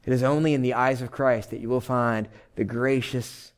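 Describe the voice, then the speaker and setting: A male pastor delivering a sermon at a mid-range pitch. He talks conversationally, often checking in with his listeners, then drives his points home in short, repeated commands. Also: fairly even intonation, normal speed, clear, resonant tone. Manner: emphatic, direct exhortation in short repeated phrases.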